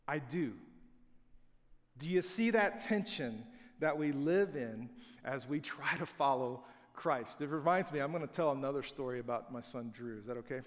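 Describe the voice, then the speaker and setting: A middle-aged man preaching a sermon as a pastor, telling family stories in a conversational, self-deprecating way. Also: on the high side. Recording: long hall reverb.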